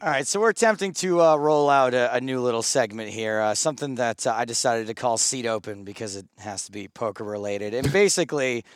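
A man's voice: medium pitch, brisk, hardly any pauses, clean tone. A man hosting a podcast, chatting casually and introducing a new segment. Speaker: podcast host. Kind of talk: casual chat.

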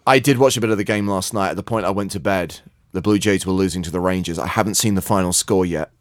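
A man's voice: low voice, quick pace, no room sound, clean studio sound. A man co-hosting a podcast, chatting casually in a wry, teasing way. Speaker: podcast co-host. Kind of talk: casual chat.

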